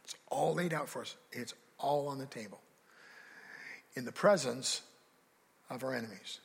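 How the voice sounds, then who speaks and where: Male pastor, sermon, husky, gravelly, reverberant church hall. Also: medium pitch, moderate pace. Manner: preaching with rising emphasis and dramatic quoted voices.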